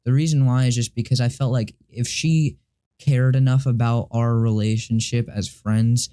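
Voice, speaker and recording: A teenage boy talks straight to camera in a mellow, relaxed-sounding voice of ordinary pitch. He rambles through his story with halting restarts, lots of fillers and casual swearing, sounding confused and frustrated. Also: smooth. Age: teens. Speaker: vlogger.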